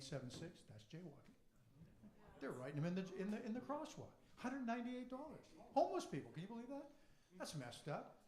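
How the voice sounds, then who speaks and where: Man doing stand-up in an echoey club. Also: a little high. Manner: rapid-fire joke delivery with long deadpan lists. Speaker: stand-up comedian. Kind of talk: stand-up comedy set. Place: comedy club stage.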